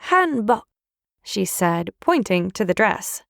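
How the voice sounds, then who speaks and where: A woman narrating an audiobook in the first person, in a gentle, measured storytelling manner. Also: medium pitch, expressive, creaky, dry recording, studio quality. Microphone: studio microphone, dry.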